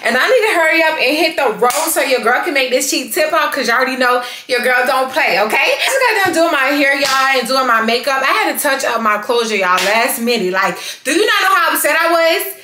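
Young woman, vlogger, chatty, slangy, bright, faint hiss. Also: high voice, lively intonation, a little fast, hardly any pauses, echoey room. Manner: chatty, slangy, says "y'all" constantly. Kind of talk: casual vlog chat.

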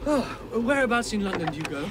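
An actor with a French accent playing a young French student who hitchhikes and hesitates with many uh's. It is a radio drama. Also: male voice, high-pitched, very animated, fast talker. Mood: evasive. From France. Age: young adult. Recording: loud car noise. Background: car engine and traffic noise.

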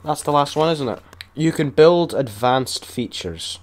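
A young man giving sweary, excitable and sarcastic commentary while building in a video game. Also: fairly high pitch, measured pace. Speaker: gaming YouTuber. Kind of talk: casual gameplay commentary.

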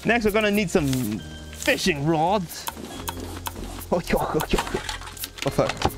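A man commentating a survival game, talking in a jokey put-on Irish lilt, excitable and swearing as he yells at the game. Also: sits high, a little slow, over music. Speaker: gaming YouTuber. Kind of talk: let's play commentary.

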